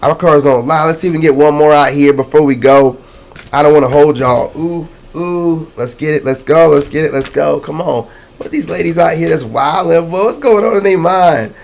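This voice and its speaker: Excitable gravelly-voiced man reading tarot. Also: fairly high pitch, normal speed. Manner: excitable, slangy, repeats catchphrases, calls out to viewers. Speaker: tarot reader. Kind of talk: casual tarot reading to camera.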